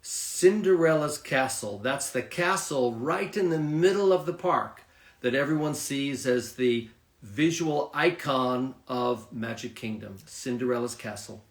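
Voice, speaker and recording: Male co-host, steady and calm, models words clearly for learners; echoey room. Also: medium pitch, a little slow. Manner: calm, steady, says each word clearly on request. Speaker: co-host introducing vocabulary. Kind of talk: casual lesson, reading word list.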